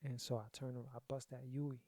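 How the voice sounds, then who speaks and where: A man's voice: mid-range voice, little pitch movement, fast talker, warm tone, dry recording. A young adult man hosting a podcast, telling a sad personal story in a casual, profane, repetitive way, sounding grieving. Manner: profane, conversational, repeats himself. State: grieving, emotional. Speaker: podcast host.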